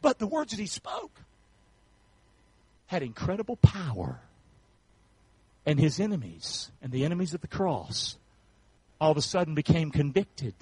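High-voiced preacher man. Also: wildly swooping pitch, measured pace, long pauses, husky, dry recording, poor audio. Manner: preachy call-and-response, rising to shouts. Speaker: pastor. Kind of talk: sermon.

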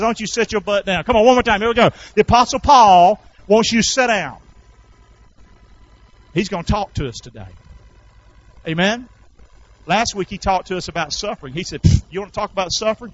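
A man preaching a lively sermon as pastor, getting the congregation to repeat lines after him. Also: sits high, dull audio. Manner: animated, has the congregation repeat phrases.

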